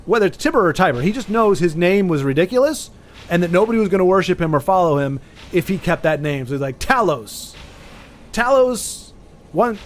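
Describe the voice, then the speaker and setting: A man streaming a game and chatting casually, rambling with frequent restarts and sudden excited bursts. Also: sits high, a little hiss or hum. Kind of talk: casual chat while gaming.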